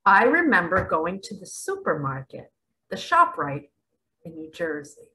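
A middle-aged woman delivering spiritual commentary with real fervor. Her bright voice swoops widely as she leans hard on her points and lingers over her words, now and then sinking to a whisper. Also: fairly low pitch, big pitch swings, measured pace, rough recording. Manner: emphatic and dramatic, at times dropping to a whisper. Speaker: spiritual vlogger.

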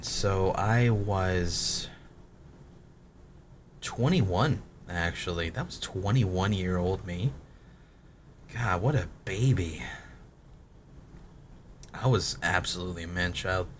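A man's voice: deep voice, slow pace, pauses often, a little hiss or hum. A man in his late twenties with a cracking voice, a gaming creator rambling and swearing through casual commentary on his old videos. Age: late 20s. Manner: rambling, swears a lot, self-mocking.

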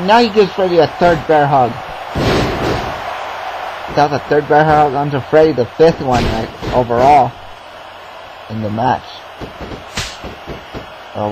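A man giving casual play-by-play commentary on a wrestling game, excitable and swearing, shouting at big moves. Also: mid-range voice, background noise.

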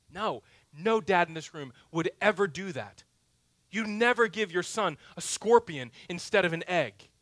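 A pastor in his thirties preaches with a high, bright voice, telling a self-mocking story. His delivery swings between loud, punchy lines and hushed, quiet asides. The sound is dry and close, with little room echo. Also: expressive, normal speed. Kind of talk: sermon. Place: church sanctuary.

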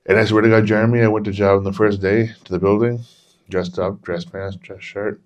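Low-voiced man rambling through a story. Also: level tone, fairly quick. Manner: rambling, swears freely, repeats himself. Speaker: podcast co-host. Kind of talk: casual storytelling to a friend. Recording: dull lo-fi podcast audio.

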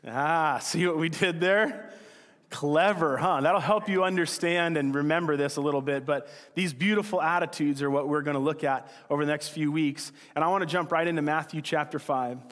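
A man delivers a sermon in a loose, conversational way, joking with the congregation and acting out quick exchanges. His voice sits a little high for a man. The sound carries the long reverb of a church hall. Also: fairly even intonation, fairly bright tone. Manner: casual, joking and chatty, with quick acted-out asides. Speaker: pastor.

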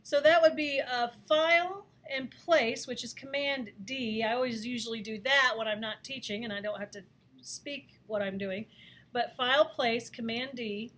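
Lady teacher walking thru design software, kinda high voice, lots of ums. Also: normal speed. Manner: chatty, thinks aloud with fillers. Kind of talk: screen-recorded software lesson.

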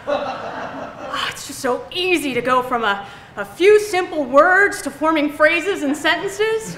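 Woman stand-up comic, high bright voice, animated and self-mocking, roomy club sound. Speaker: stand-up comedian. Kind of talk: stand-up comedy set. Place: comedy club stage. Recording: echoey club room, faint hum.

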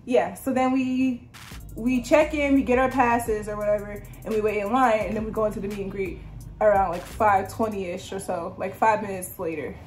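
A young woman vlogger chatting through a storytime in a casual, excited way, full of "like". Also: medium pitch, moderate pace, over music. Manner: chatty, lots of "like", excited retelling.

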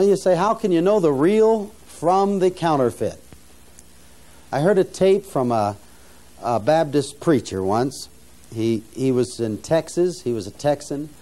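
This mission founder, an older man, speaks in a mellow voice that sits high. His sermon-like lesson for students is earnest and preacherly, with frequent restarted phrases and rising emphasis on the main ideas.

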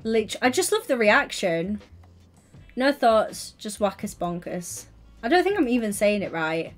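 A woman's voice: medium pitch, big pitch swings, unhurried, faint music behind. A young woman streaming, chatting casually and teasingly while building in a game. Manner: teasing, giggly, playful.

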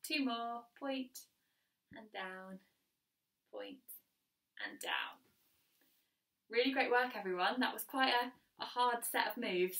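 A woman's voice: mid-range voice, pushed and bright, recorded from a distance. A woman with a Northern English accent leading a chair-based exercise class, upbeat and encouraging as she counts out the moves. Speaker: fitness instructor.

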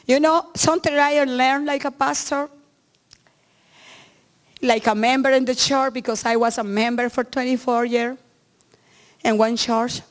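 This is a middle-aged woman pastor with a high voice, not a native speaker of English. Her sermon is earnest but halting, and she restarts frequently.

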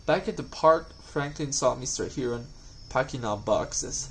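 A man reading a children's storybook aloud at a school, calm and clear. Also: mid-range voice, a little slow, a little hiss or hum, low-quality recording. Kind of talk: scripted narration.

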